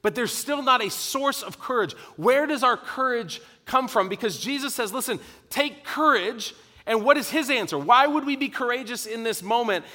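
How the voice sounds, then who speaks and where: A man preaching a sermon to his congregation, animated at times and dropping to a quiet intensity at others. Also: extremely high pitch, moderate pace, long reverb tail. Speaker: pastor.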